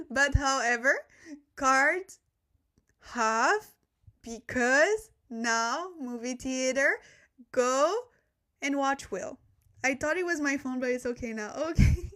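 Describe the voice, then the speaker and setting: A woman's voice: sits high, animated, takes it slowly, long pauses, pushed and bright. A young woman, not a native English speaker, teaching a casual live-streamed language lesson at a desk mic, chatty and laughing often as she reads the chat. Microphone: desk microphone.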